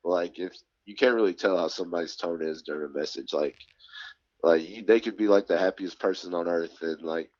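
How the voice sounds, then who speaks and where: A man's voice: sits low, fairly quick, darkish tone. A man who is a guest on a casual podcast, talking in a laid-back way and saying "like" a lot. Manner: laid-back, peppers talk with "like". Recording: dull lo-fi audio.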